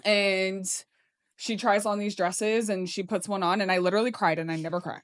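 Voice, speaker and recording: A young woman hosting a podcast in casual chat, talking fast and loose with lots of "like". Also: mid-range voice, steady tone, no echo, clean studio sound. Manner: chatty, fills talk with "like". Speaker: podcast host.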